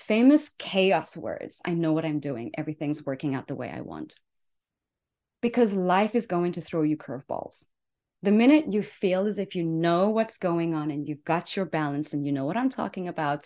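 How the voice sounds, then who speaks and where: Speaking on her own show, this life coach gives a spirited, motivational talk that rises loud and drops soft by turns. Her voice sits on the low side.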